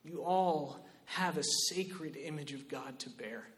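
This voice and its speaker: A man preaching a sermon as pastor, shifting between loud, emphatic exhortation and quiet personal storytelling. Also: fairly high pitch, takes it slowly.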